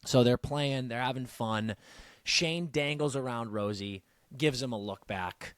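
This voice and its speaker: A man co-hosting a podcast who retells TV scenes in casual, animated chat and swears freely. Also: mid-range voice, measured pace, clear, resonant tone, dry recording, studio quality. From Canada. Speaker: podcast co-host.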